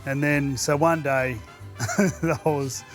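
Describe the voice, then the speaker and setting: A man's voice: fairly high pitch, fairly even intonation, takes it slowly, soft background music. A middle-aged Australian man telling rowdy anecdotes in casual chat, laughing as he goes. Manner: laughs through his anecdotes. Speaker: podcast co-host, former player. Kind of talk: casual storytelling.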